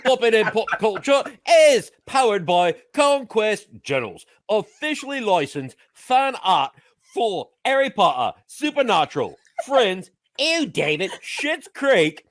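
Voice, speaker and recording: A man's voice: high voice, measured pace, dry recording, soft background music. A man co-host reading a sponsor message playfully, then bantering. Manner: lively, playful.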